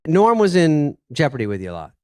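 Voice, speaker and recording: A man's voice: fairly high pitch, huge pitch swings, a little fast, music in the background. A man hosting a podcast, asking eager questions in casual chat. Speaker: podcast host.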